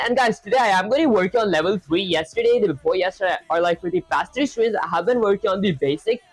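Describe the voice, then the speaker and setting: A man's voice: high voice, dry recording, rough recording. Rambling man streaming live code. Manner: rambling, loose, full of fillers. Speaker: livestreamer coding live. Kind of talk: casual live-coding stream chat.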